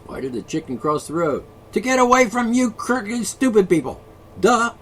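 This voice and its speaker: A man's voice: sits high, big pitch swings, moderate pace, a bit bright, a little hiss or hum. A man vlogging an angry solo rant, profane, sarcastic and mocking.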